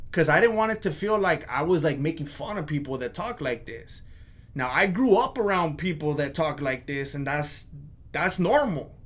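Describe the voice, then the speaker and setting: A man speaking in a slightly higher-than-usual register, looking back on his own videos. He talks candidly and criticizes himself, stopping and restarting as he thinks aloud. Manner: candid, self-critical, hesitant. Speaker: video creator. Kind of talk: casual reflective commentary.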